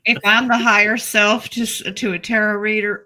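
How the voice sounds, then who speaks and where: Woman co-host, brash tarot reader, bright ringing tone. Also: medium pitch, level tone, normal speed. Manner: blunt, joking, laughs often. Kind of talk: casual group chat reading cards.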